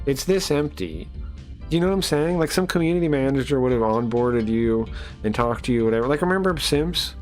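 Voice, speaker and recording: A man's voice: medium pitch, brisk, soft background music. A man live-streaming and ranting to his chat, incredulous and exasperated, with lots of fillers. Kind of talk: casual live-stream rant.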